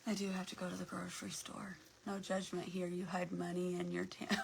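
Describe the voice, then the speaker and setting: A woman's voice: fairly low pitch, completely flat delivery, fairly quick, gravelly, hardly any pauses, slightly rough, poor audio. A woman hosting a casual craft livestream, chatting and greeting viewers by name as she works, sometimes dropping to a near whisper.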